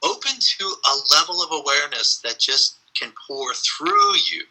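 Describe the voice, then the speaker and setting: A man with a very bright, sharp tone chats as a podcast guest. He muses on ideas and slips into lively storytelling, throat-clearing and saying "um" as he goes. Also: fairly high pitch, moderate pace, low-quality recording. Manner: animated storyteller, frequent fillers. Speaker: podcast guest, spiritual teacher. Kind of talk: casual reflective conversation.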